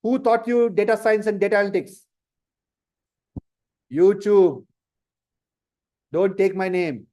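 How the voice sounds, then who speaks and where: A man teaching data science to a class, asking lively rhetorical questions. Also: high-pitched, a little slow, pauses often. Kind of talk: classroom lecture.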